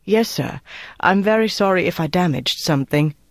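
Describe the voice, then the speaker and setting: A man voicing a tall woman cleaner who answers quietly and politely. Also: sits high, lively intonation, normal speed, vocal fry, no echo, clean studio sound.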